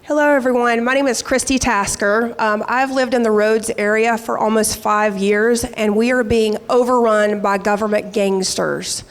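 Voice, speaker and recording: Combative woman candidate, fairly high voice. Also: fairly even intonation, moderate pace, few pauses, smooth. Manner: combative, indignant. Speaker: political candidate. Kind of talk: campaign speech. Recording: hall reverb.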